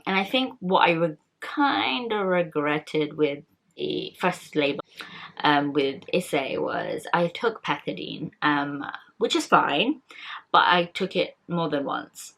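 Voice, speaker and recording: A woman's voice: on the low side, animated, a little slow, creaky, fairly bright tone. A young woman vlogger in casual chat, talking candidly and rambling with many fillers and restarts.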